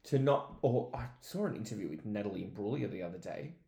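Male co-host, animated, roomy echo. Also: lowish voice, fast, vocal fry. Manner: lively, animated storyteller. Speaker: podcast co-host. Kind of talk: casual chat.

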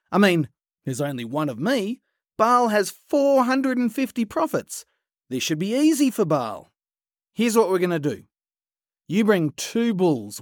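A man's voice: a little high, dry recording, studio quality. A man voicing a confident, playful prophet in a storybook retelling, laying out a challenge and mocking his rivals. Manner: playful, matter-of-fact, mocking.

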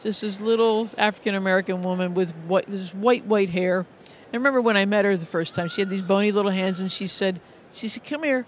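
A man's voice: high-pitched, fairly even intonation, brisk, hardly any pauses, a little hiss or hum. A middle-aged man, a music educator, telling stories in an interview, earnest and full of restarts and repeated words. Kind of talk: conversational interview storytelling.

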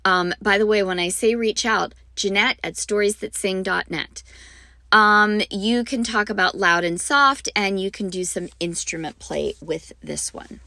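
A woman's voice: mid-range voice, a little slow, creaky, sharp tone, dry recording. A woman hosting a podcast for music teachers, talking in a bubbly, gushing way with frequent ums. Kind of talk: enthusiastic teaching talk.

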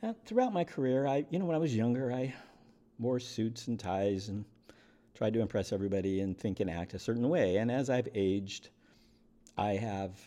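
A man's voice: fairly low pitch, moderate pace, warm tone. A middle-aged man hosting a podcast, speaking candidly and reflectively in one unscripted take, with restarts and wry chuckles. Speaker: podcast host and attorney.

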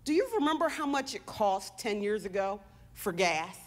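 A woman speaks on stage in an earnest storytelling manner, slowing down to drive her points home. Her pitch sits in an ordinary middle range. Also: sing-song, heavy background noise. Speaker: contestant giving a speech. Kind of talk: personal speech on stage.

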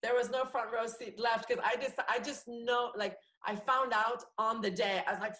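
A woman in her thirties with an international English accent, a comedian chatting casually in an interview, full of fillers and animated storytelling. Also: fairly high pitch, moderate pace, hardly any pauses, rough recording. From France. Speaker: guest comedian.

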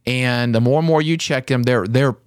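A man's voice: medium pitch, moderate pace, smooth, no echo, clean studio sound. A man in his forties hosting a podcast in a casual, earnest, conversational way. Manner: earnest, conversational, laughs often. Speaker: podcast host.

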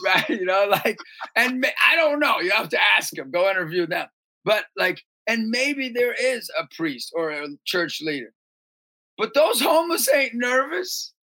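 A gravelly man with a bright, edgy tone tells his stories with great excitement. He swings between low, earnest talk and loud, high-pitched outbursts when he acts out the people in them. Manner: excitable, breaks into shouting and high acted voices in stories. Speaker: ministry leader and basketball coach. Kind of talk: animated storytelling interview.

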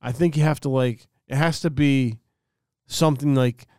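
A man's voice: mid-range voice, moderate pace, smooth, dry recording. A young man talks in a loose, rambling way, swearing freely as he spins a story for his co-host. His voice sits in the middle of the range. The sound is dry and close. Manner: rambling storyteller, heavy swearing, animated impressions. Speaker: podcast co-host. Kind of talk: casual chat.

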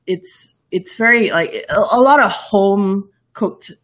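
A chatty woman from Borneo in her thirties, with a light Bornean lilt mixed with bits of other English accents. She talks in a loose, rambling way, restarting sentences and laughing often. Her voice sits at a middle pitch for a woman. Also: expressive, slow pace, fairly bright tone. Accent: light Bornean lilt with mixed international English. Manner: chatty and giggly, many fillers and restarts. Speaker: livestream cooking show host, guest. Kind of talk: casual interview chat.

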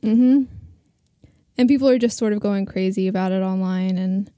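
A woman's voice: mid-range voice, normal speed, no room sound, dull audio. A woman chatting casually as a podcast co-host, opinionated and gossipy about the news. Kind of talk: casual chat.

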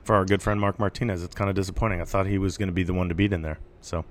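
A man's voice: sits low, steady tone, racing. A man co-hosting a horse racing podcast, chatting casually in an easygoing, rambling way with fillers. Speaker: podcast co-host. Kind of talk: casual chat.

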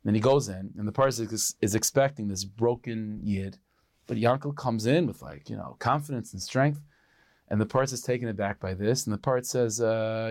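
A rabbi telling a traditional story in an animated way, sprinkling in Yiddish and Hebrew words. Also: male voice, lowish voice, normal speed, dry recording, studio quality.

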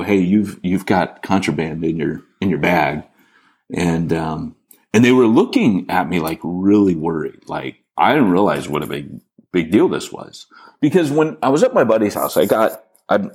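Husky deep-voiced man telling a story. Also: a little mellow. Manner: rambling, self-deprecating anecdote telling. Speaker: podcast co-host. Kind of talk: casual storytelling.

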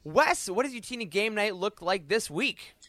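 A man hosts a casual podcast and runs through show updates in an upbeat way. His voice is high and bright with a forward edge. The sound is dry, with the mic close. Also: expressive, moderate pace, no room sound. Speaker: podcast host.

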